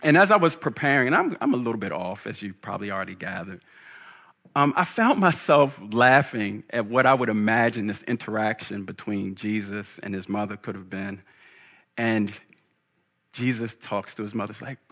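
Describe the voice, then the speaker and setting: A man's voice: fairly low pitch, expressive, normal speed, a bit bright. A man preaching a sermon in a humorous, conversational way, laughing at his own jokes.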